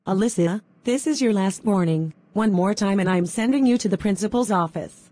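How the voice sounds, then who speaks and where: A woman's voice: mid-range voice, normal speed, mellow, no echo, natural voice. A synthetic female voice playing a firm schoolteacher in a cartoon. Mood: stern. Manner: firm, warning tone. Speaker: teacher.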